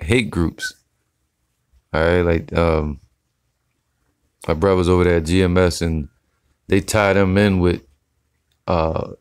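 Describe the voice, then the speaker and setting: A man giving casual, slangy religious commentary, reading scripture slowly and tagging his sentences with "man". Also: sits low, a little mellow, clear, resonant tone, no echo, clean studio sound. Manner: slangy, profane, preachy, says "man" often; slow deliberate scripture reading.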